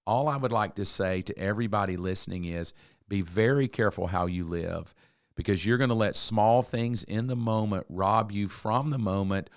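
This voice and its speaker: A man's voice: on the low side, moderate pace, no echo, clean studio sound. A man, co-hosting a podcast and telling a story, acting out the lines of the people in it. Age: 60s. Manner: animated storyteller, acts out quotes. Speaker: podcast co-host. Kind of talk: casual storytelling chat.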